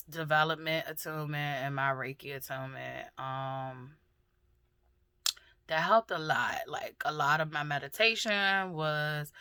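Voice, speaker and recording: A middle-aged woman talking candidly and emotionally in a personal vlog, swearing freely and pausing often with fillers. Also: sits low, bright, forceful tone, no room sound, clean studio sound. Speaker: vlogger.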